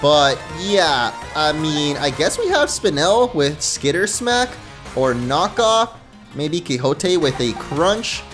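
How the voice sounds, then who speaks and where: A man hosting a let's play, giving upbeat, excitable gameplay commentary. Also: fairly high pitch, slow pace, faint music behind.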